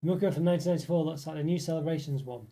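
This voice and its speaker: Mellow-voiced chatty man on a live stream. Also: a little high, rapid-fire, a little hiss or hum. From northeast England. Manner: rambling, chatty, many fillers and restarts. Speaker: livestream host reading chat. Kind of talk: casual live chat.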